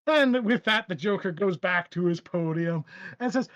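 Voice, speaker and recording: A man running a tabletop game as its game master, theatrical and quick to laugh. His voice sits high and he narrates unhurriedly. The recording is dry and a bit dull. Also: fairly bright tone, no room sound. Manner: theatrical, laughs often, frequent fillers.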